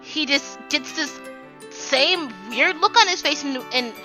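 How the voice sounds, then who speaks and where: A woman in her twenties telling a rambling, animated story for a vlog, full of "like" and "you know.". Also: high-pitched, slow, faint music behind, rough recording. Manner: rambling, filler-heavy, animated retelling. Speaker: vlogger.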